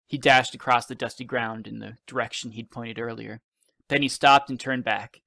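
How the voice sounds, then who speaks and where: A male teacher reads a novel aloud to his class in a measured storytelling voice. His middle-pitched voice has a gravelly edge, recorded close and dry with no room sound. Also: fairly even intonation, pushed and bright, dry recording.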